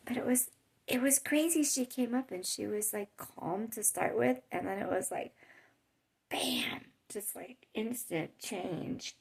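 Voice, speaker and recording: A woman with a husky, creaky, medium-pitched voice speaks at a measured pace in casual storytelling to camera. Vlogging from her home in a hot desert area, she chats and rambles about living with chronic illness, laughing a little.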